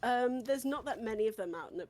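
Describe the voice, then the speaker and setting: A woman's voice: fairly high pitch, lively intonation, fairly quick, a crowd in the background. A woman co-hosting a game stream in casual chat, talking hesitantly with many fillers.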